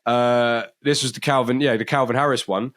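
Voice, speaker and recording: A man's voice: mid-range voice, steady tone, fairly quick, a bit bright. A young man co-hosting a podcast, telling a story in a rambling, wry way that often breaks off and restarts. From Britain. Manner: rambling, self-interrupting, wry. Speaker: podcast co-host. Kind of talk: casual chat, storytelling.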